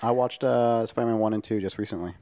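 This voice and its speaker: A man's voice: on the low side, fast, mellow, dry recording. A young man, a student, co-hosting a casual film podcast, rambling and jokey. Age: young adult. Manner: rambling, jokey, acts out dialogue. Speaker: podcast co-host. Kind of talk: casual chat about films.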